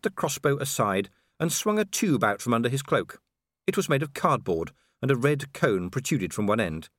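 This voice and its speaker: In a clean studio recording free of room sound, a male narrator delivers an audiobook expressively, like a storyteller. His pitch is medium and his pace moderate.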